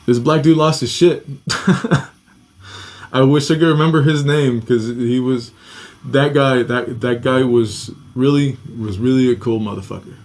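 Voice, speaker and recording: A man's voice: mid-range voice, fairly even intonation, measured pace, darkish tone. A man casually telling a personal story on a podcast, swearing often and acting out the voices of the people in it. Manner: profane, restless, acts out quoted voices.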